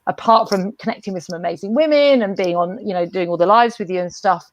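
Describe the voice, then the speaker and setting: A woman's voice: medium pitch, fast talker, no room sound. A woman guest speaking casually and reflectively, with frequent "you know" fillers and restarts, on a video call. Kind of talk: casual conversation.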